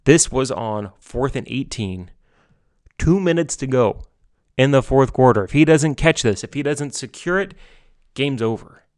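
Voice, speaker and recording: A young man giving solo sports commentary from home, excitable and gushing, often repeating and restarting himself. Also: medium pitch, a little slow, no room sound, clean studio sound. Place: home basement.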